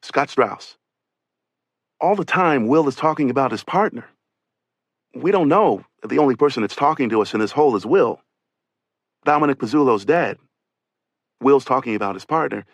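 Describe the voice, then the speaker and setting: In this oral history audiobook, a male narrator voices a rescuer's first-person testimony conversationally. He has a medium pitch and lively intonation, keeps a moderate pace with frequent pauses, and there's no room sound.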